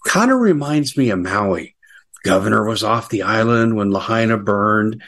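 A man's voice: lowish voice, expressive, moderate pace, a bit bright. A middle-aged American man hosting a casual political commentary show, chatty and sarcastic with frequent asides.

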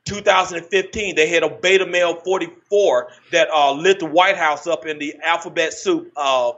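A man hosting a casual political chat, halting with frequent restarts. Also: on the high side, fairly even intonation, a bit bright. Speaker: podcast host. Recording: muffled lo-fi audio.

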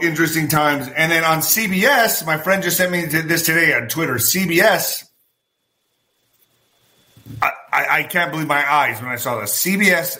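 A man hosting his own political commentary vlog, talking in an animated, profane way and gesturing with his hands as he goes. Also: a little high. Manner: former boxer. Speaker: show host.

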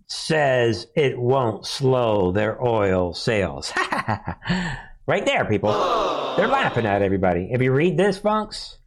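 A man's voice: mid-range voice, sing-song, takes it slowly. A man hosting a casual political commentary show, sarcastic and laughing often as he reacts to headlines. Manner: sarcastic, laughs often, mocking put-on voices.

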